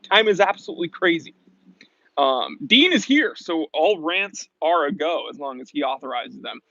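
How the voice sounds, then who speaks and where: A man's voice: on the high side, sing-song, normal speed, creaky, a bit bright, dry recording. Man, livestream host, chatty, greets viewers, reads comments aloud, outdoors in the shade, dull lo-fi audio, dry sound. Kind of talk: casual livestream chat.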